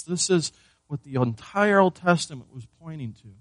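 A man's voice: fairly high pitch, expressive, normal speed, dry recording. A man preaching a sermon as pastor, earnest, often repeating words and asking the listeners questions.

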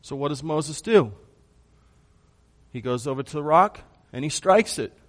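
Emphatic preacher man, higher voice. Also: lively intonation, measured pace. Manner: swings from hushed to loud, emphatic; asks the congregation questions. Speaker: pastor. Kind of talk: sermon.

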